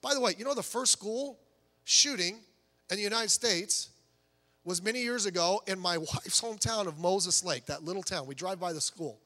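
A man preaching a sermon as pastor, swinging from soft low asides to raised, pleading urgency. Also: normal speed. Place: church sanctuary. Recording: church hall reverb.

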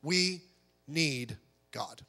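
A man preaching a sermon as pastor, swinging from soft low asides to raised, pleading urgency. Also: expressive, drawn-out words, vocal fry. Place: church sanctuary. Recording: church hall reverb.

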